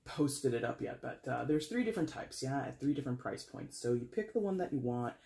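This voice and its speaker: A man's voice: mid-range voice, animated, a little fast, creaky, mellow. A man hosting a casual tarot reading for his viewers, talking in a chatty, rambling way and correcting himself as he goes. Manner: addresses viewers as guys. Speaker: tarot reader.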